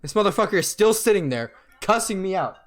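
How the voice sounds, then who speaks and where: A young man with a high voice rants through a casual story, exasperated and swearing freely. He acts out the voices of the people in it as he goes. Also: lively intonation, a little fast. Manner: profane, exasperated, acts out quoted lines. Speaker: vlogger.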